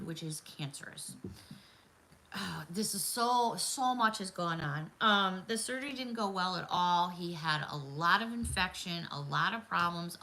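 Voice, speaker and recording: A woman's voice: fairly low pitch, a little hiss or hum, poor audio. A middle-aged woman hosting a casual livestream chat, talking to viewers by name and laughing often. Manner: chatty, warm-hearted, laughs often, talks to viewers by name. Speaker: livestream host.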